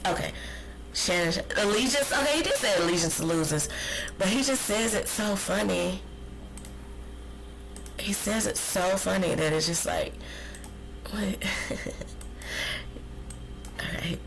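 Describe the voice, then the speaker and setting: A woman's voice: mid-range voice, a little slow, creaky, long pauses, rough recording. A woman hosting a solo podcast, ranting with passion and plenty of profanity. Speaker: podcast host.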